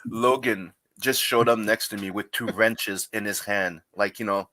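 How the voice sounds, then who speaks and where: A man from Canada with a French Canadian accent, chatting and joking on a livestream, telling stories with lively energy. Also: on the low side, measured pace. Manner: animated, joking storyteller. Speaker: stream regular. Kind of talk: casual livestream chat.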